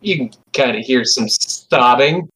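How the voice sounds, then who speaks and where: Lively casual game master. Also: male voice, medium pitch, measured pace, poor audio. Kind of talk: narrating a tabletop game.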